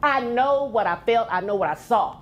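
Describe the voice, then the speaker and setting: A woman's voice: fairly high pitch, expressive, moderate pace, a little hiss or hum. A woman arguing insistently and defensively as a litigant on a televised court show.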